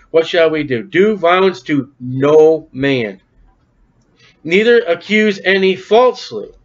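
A man's voice: mid-range voice, creaky. A man preaching a sermon in a folksy, emphatic way, quizzing his congregation and reading scripture aloud. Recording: dull lo-fi sound.

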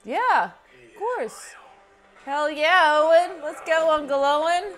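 A woman's voice: high voice, expressive, slow pace. A woman hosting a reaction video, cheering, gasping, and swearing at what she watches. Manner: loud gasps, cheering, and swearing. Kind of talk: excited reaction commentary.

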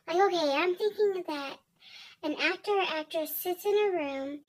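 A woman's voice: very high-pitched, moderate pace, low-quality recording. A young woman vlogging in a rambling, sarcastic, giggly way, swearing freely. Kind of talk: casual chat to camera.

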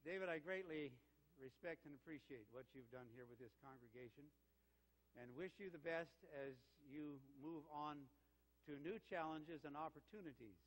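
A man's voice: fairly high pitch, normal speed. Older male pastor, echoey sanctuary. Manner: warm storytelling with lively quoted exchanges. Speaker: interim senior pastor. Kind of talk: sermon with anecdote. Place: church sanctuary. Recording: reverberant church sanctuary.

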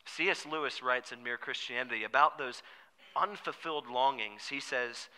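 A male pastor preaches earnestly in a church sanctuary. His voice is very bright and cutting, with a middle pitch, and at times he sinks to a hushed tone. The room adds a long, ringing reverb. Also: normal speed, smooth. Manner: earnest preaching, drops to soft hushed tones for emphasis. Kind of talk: sermon.

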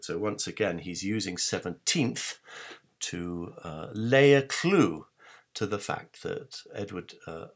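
A man presenting research over slides in a measured, wry way, with rhetorical asides to his viewers and frequent hesitations. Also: low-pitched, fairly bright tone. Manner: frequent hesitations and self-corrections. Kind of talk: illustrated talk walking through slides.

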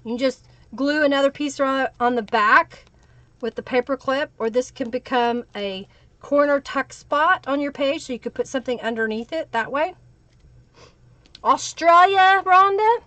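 A woman with a high, bright-pitched voice hosts a live crafting stream, chatting and thinking aloud as she works. She greets viewers by name. The sound is dry and close, with no room echo. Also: normal speed. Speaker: craft livestream host. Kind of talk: live crafting tutorial with chat shout-outs.

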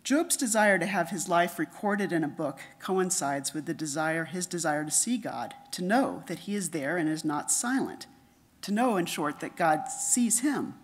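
A middle-aged woman giving a conference lecture, reading her paper in a measured way and dropping softer for quotations. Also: on the low side, expressive. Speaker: conference speaker.

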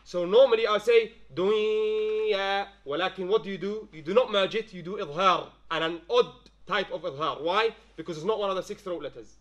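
A man's voice: high-pitched, a little fast, few pauses, bright, forceful tone, lo-fi sound. A male tajweed teacher giving a classroom lesson, quizzing students with frequent checks and mixing in Arabic phrases. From London-based.

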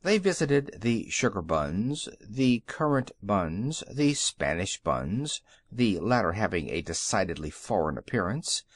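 A man reading a children's storybook aloud, expressive, his pitch moving a lot. The sound is dry and close to the mic. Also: unhurried, few pauses, no room sound. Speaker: audiobook narrator. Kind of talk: children's audiobook narration.

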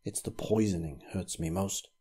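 A man reading the part of a frightened, feverish old male vicar who whispers furtively and breaks into quavering outbursts, with a husky voice. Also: normal speed. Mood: whispered dread. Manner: hushed whispering turning to shrill outbursts.

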